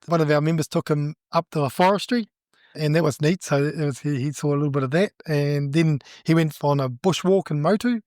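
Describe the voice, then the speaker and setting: New Zealand man, animated storyteller. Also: on the high side, brisk, dry recording, studio quality. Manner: animated, laughs often, acts out quotes. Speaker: judo coach, guest. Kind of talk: casual interview storytelling.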